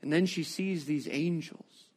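High-voiced expressive male preacher. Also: measured pace. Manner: expressive, rising rhetorical questions. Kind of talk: sermon with scripture reading.

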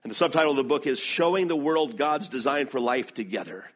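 A middle-aged man from the American South with a Southern accent, preaching a sermon with animated storytelling. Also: a little fast. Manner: animated storytelling with lively swings in pitch. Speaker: pastor.

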